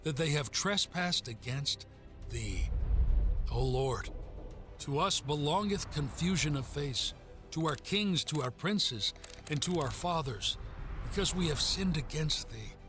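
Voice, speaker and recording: A man giving a solemn, measured reading of scripture. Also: fairly high pitch, animated, a bit bright, faint music behind. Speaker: scripture reader.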